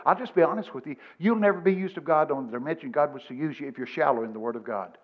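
A man, preaching a sermon in a folksy, animated storytelling way, quoting scripture. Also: fairly high pitch, fast, hardly any pauses, narrow, tinny audio, slight background noise. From Texas. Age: 70s.

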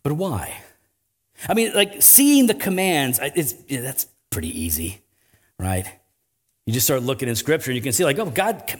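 Man preaching a conversational sermon. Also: fairly high pitch. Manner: conversational preaching with frequent "right?" asides and emphatic swells. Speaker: pastor.

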